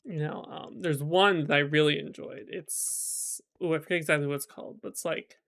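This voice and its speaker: A man's voice: on the high side, fairly even intonation, moderate pace, creaky, fairly bright tone. A male streamer casually retelling a folk tale, chatty and rambling with lots of fillers. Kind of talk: casual storytelling while gaming.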